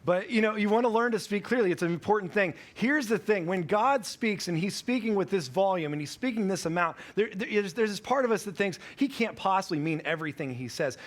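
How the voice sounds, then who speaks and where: A man in his thirties gives a sermon from the pulpit in a casual, storytelling way. His voice sits a little high for a man. He stumbles and restarts lines easily. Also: lively intonation, a little fast, hardly any pauses. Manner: conversational storytelling, self-correcting. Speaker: pastor.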